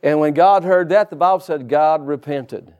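High-voiced animated male preacher. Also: moderate pace, smooth, dull audio. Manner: animated preacher calling out to the congregation. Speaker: pastor. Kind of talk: sermon.

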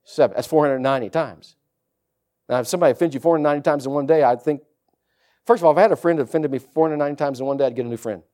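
A male pastor preaching a sermon, reading scripture aloud and rising into loud, fervent preaching. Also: on the high side, rapid-fire.

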